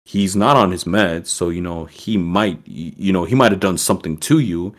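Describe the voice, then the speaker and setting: A man's voice: sits low, normal speed. A young man telling a story as a podcast guest, casual and profane, acting out the voices of the people in it. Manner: profane, animated, acts out quoted voices.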